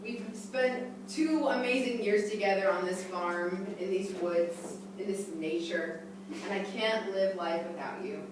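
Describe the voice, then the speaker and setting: A woman's voice: medium pitch, measured pace, natural voice. A woman voicing a lovesick male squirrel who pleads earnestly. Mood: pleading. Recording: echoey room, distant mic, background noise.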